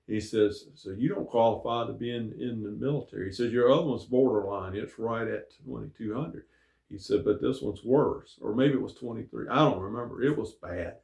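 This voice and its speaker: A middle-aged man tells a rambling story in a casual, folksy manner, with plenty of "uh" and "you know". His voice sits low and gravelly. The sound bounces around an echoey room. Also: a little fast, a little mellow. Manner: rambling, folksy, with many fillers. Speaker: storyteller and show host.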